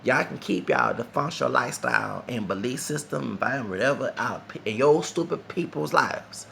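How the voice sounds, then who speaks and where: A man's voice: medium pitch, animated, a little fast, vocal fry, pushed and bright, slight background noise. A man reviewing a concert in a vlog, talking in a heated, rambling and profane way. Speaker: vlogger.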